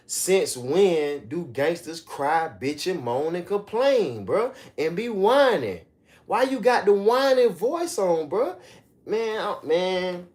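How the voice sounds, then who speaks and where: Male livestream host, mid-pitch, profane mocking rants that jump way up in pitch. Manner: animated, profane, mocking rants with sudden high-pitched outbursts. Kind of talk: casual livestream commentary.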